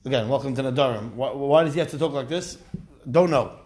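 A man teaching a lively study class, explaining step by step with rhetorical questions and acted-out quotes. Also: medium pitch, quick pace. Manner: animated, asks rhetorical questions, acts out quotes. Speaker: Talmud teacher.

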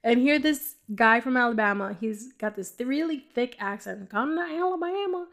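This New York City podcast host tells her personal faith story casually, drifting off topic, cracking jokes, and laughing frequently between phrases. Her voice is fairly high and fairly bright, and she speaks at a moderate pace.

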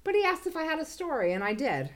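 A woman co-hosting a podcast, telling a story in casual chat and acting out quotes loudly. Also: high voice, big pitch swings, fast talker, over a noisy crowd. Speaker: podcast co-host.

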